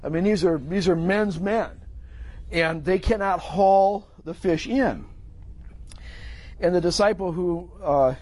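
A man's voice: sits high, slow, long pauses, a little mellow. A middle-aged man preaching a sermon in a conversational way, acting out the voices of people in the story. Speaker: pastor.

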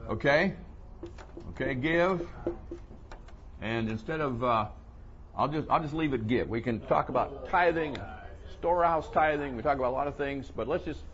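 A man preaching a sermon to a congregation, asking questions and playing out the listeners' doubts in a higher voice. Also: moderate pace, long pauses, lo-fi sound. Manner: animated, voices the questioners in a high mocking tone.

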